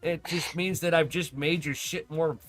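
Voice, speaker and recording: A man hosting a podcast in casual chat, telling stories excitedly, swearing a lot and laughing often. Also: fairly high pitch, moderate pace, faint music behind. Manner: profane, excitable storyteller who laughs often. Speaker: podcast host.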